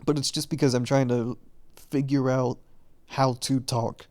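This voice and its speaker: A young man talking quietly to himself in a casual monologue, mumbling and questioning himself while he lies on his bed with a microphone held close to his face. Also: mid-range voice, steady tone, normal speed. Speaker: vlogger. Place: bedroom, lying on the bed.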